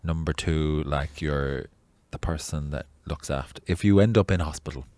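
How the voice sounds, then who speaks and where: Guy with a super low voice musing on a podcast, dry sound. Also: moderate pace, darkish tone, no room sound. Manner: laid-back, thoughtful, hesitant. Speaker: podcast co-host. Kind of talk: casual chat.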